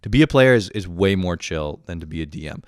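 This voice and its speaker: Low-voiced young man ranting. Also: quick pace, smooth, dry recording, studio quality. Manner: profane, animated, laughs often. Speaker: vlogger. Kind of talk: casual comedic rant.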